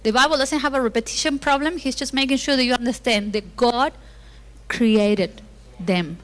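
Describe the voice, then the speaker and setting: A woman pastor preaches a sermon in a church auditorium, adding playful asides and acting out the lines she quotes. Her voice is a little high and a bit bright at a moderate pace, and the recording carries the long reverb of a church hall.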